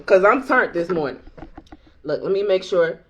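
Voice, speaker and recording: A woman's voice: fairly low pitch, expressive, normal speed, highs cut off, a little hiss or hum. A woman tarot reader in a casual vlog, talking bluntly and emphatically, swearing freely and laughing often.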